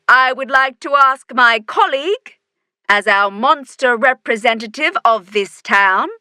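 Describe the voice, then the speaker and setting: Booming wolf mayor, put on by a woman. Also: clear, resonant tone, dry recording, studio quality, exaggerated voice. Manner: loud, ceremonial announcing. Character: booming female wolf town mayor, proud.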